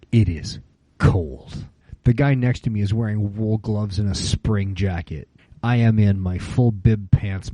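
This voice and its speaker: A man in his late forties chatting casually on a podcast, telling stories and acting out quotes in higher voices. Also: mellow, no echo. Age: 40s. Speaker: podcast co-host. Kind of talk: casual chat.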